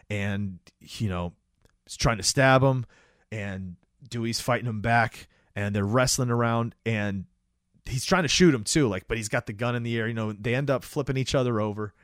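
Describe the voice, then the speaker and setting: A man co-hosting a casual talk show, retelling a film scene by scene with lots of fillers and quick acted-out lines. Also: medium pitch, no echo, clean studio sound. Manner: animated retelling, acts out lines, many fillers. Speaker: podcast co-host recapping a movie. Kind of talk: casual chat.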